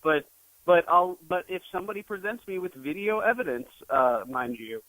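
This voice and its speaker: A young man, a journalist guest, talking in an interview in a halting way with many restarts. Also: sits high, animated, a bit bright, dry recording, low-quality recording. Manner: hesitant, full of restarts. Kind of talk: interview conversation.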